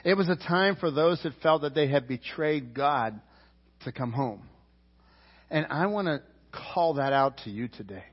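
A man preaching a sermon as pastor, emphatic, swinging from loud climbs to low quiet drops. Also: lively intonation, a little slow, slightly rough. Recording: roomy church hall, dull lo-fi sound.

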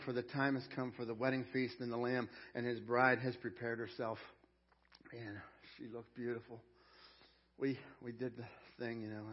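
A male pastor preaching a sermon, repeating key phrases and swinging between loud proclamation and hushed storytelling. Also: mid-range voice, dull audio.

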